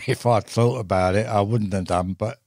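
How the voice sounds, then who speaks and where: A man's voice: on the low side, steady tone, normal speed, a little mellow, no echo. An older English man telling a fishing story in a rambling, casual way, swearing often and laughing as he goes, on a studio mic. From England. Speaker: guest angler. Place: podcast studio.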